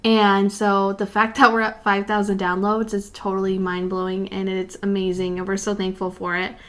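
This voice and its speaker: A woman's voice: medium pitch, monotone, moderate pace, a bit bright. A woman co-hosting a podcast in casual chat, talking freely with many "like" and "you know" fillers. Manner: chatty, lots of "like" and "you know". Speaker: podcast co-host.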